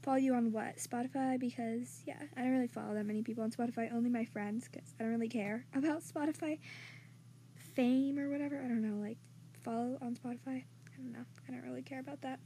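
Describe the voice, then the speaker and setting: A young woman with a high, light voice chats through listener comments on her home podcast, self-deprecating and casual. She now and then slips into soft whispers. A faint hum of household noise sits behind her voice. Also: fairly even intonation, quick pace. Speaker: podcast host. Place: home room with vacuum running nearby. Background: faint vacuum noise.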